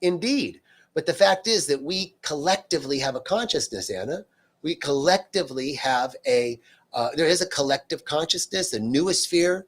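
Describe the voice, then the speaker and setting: A man's voice: fairly high pitch, expressive, moderate pace. A man hosting a live-streamed spiritual talk, speaking earnestly and unscripted, repeating words for emphasis and reading out viewer comments. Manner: loose and unscripted, frequent fillers and restarts.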